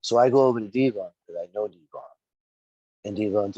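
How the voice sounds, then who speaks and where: A middle-aged man in casual podcast chat, telling a story with lively acted-out quotes and plenty of swearing. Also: low-pitched, quick pace, breathy edge, no room sound, poor audio. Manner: animated storyteller, acts out quotes, profane. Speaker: wrestling referee and podcast guest.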